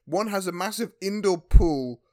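A man's voice: high voice, lively intonation, warm tone, soft background music. A man co-hosting a podcast, jumping in with wry, teasing comments about a film. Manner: quick interjecting, wry and teasing. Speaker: podcast co-host. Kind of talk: casual film discussion.

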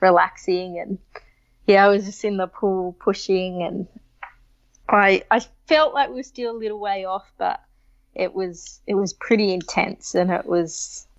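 A woman's voice: mid-range voice, fairly even intonation, unhurried. A woman, chatting as an interview guest and acting out the people in her story. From Australia. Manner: chatty, acts out quoted voices. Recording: slightly dull lo-fi audio.

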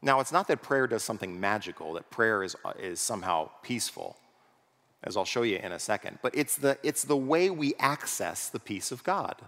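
A man's voice: lowish voice, expressive, moderate pace, a bit bright. Man preaching in a reverberant hall. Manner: conversational, asks the congregation rhetorical questions. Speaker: pastor. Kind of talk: sermon. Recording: long reverb of a large hall.

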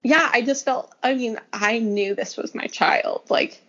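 A woman's voice: on the high side, unhurried, creaky, pushed and bright. A young woman telling her story as a guest in a casual interview, talking with lots of fillers. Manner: chatty storytelling, many fillers. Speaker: podcast guest. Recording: slightly dull lo-fi audio.

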